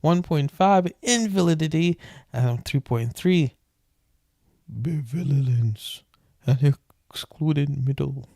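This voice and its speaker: A man with a fairly high voice reads a book aloud in a relaxed late-night way. He trips over words and wanders off into joking asides before picking the text back up. The sound is dry and close, with no room echo. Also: slow pace, creaky, pauses often. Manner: stumbles over words, breaks off into joking rants. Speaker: streamer reading aloud.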